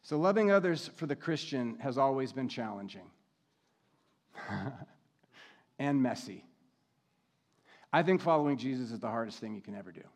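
A pastor gives a sermon in a steady, mid-pitched man's voice. He speaks in a measured way and slows down deliberately to read scripture.

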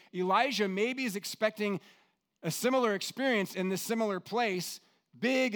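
A man preaching a sermon, telling a story with lively acted-out quotes and dropping to hushed tones for emphasis. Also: high-pitched, smooth. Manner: animated storyteller, acts out quotes, drops to soft hushed tones. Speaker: pastor.

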